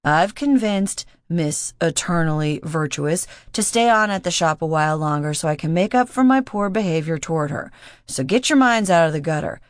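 Woman voicing a teasing young man, wry, low-pitched, dry close sound, audiobook. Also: expressive, normal speed, no echo. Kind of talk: audiobook character voice.

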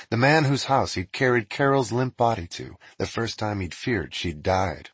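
A man narrating a storybook with an expressive reading. His voice is husky and moves animatedly. The recording is dry and close. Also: fairly low pitch, moderate pace, hardly any pauses, no echo.

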